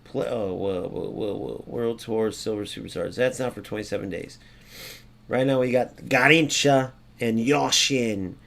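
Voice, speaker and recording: Excitable American gamer, sudden outbursts. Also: male voice, mid-range voice, unhurried, creaky. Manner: excitable, swears often, sudden loud outbursts. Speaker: gaming YouTuber. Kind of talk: live gameplay commentary.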